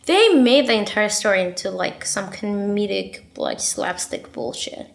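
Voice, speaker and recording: A woman with a gravelly, creaky edge in her mid-pitched voice, talking as a guest in relaxed conversation. She speaks bluntly and swears freely, piling up fillers and restarting her sentences as her opinions run ahead of her. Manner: talks fast with many fillers and restarts. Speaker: guest author. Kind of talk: casual chat.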